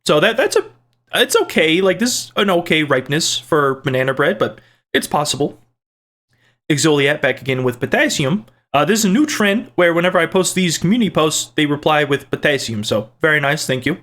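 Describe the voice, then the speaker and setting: Fairly quick and lively in intonation, this man's voice is on the high side and a bit bright. He hosts his own channel, reading viewer comments out and replying in a playful, rambling way, with restarts and side jokes in a casual chat.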